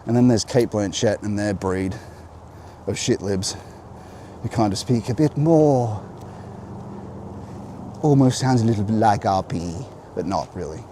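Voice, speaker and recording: This man speaks at a measured pace and pauses often, his lowish voice warm in tone. He's a vlogger with a General Australian accent, musing in a rambling, reflective way to viewers as he walks near a road in the rain under an umbrella. A handheld camera records it, with a little hiss or hum.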